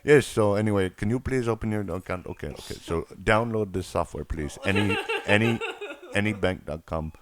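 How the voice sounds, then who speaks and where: A man's voice: on the low side, moderate pace, close to an everyday voice. A man voicing a pushy male phone scam caller who is overly polite and pleading. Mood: chirpy.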